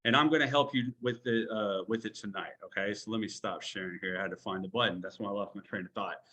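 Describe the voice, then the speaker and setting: An online business trainer with a lowish voice talks fast in a sharp tone. Over a video call he gives a motivational training talk, blunt and talkative, coaching with tough love.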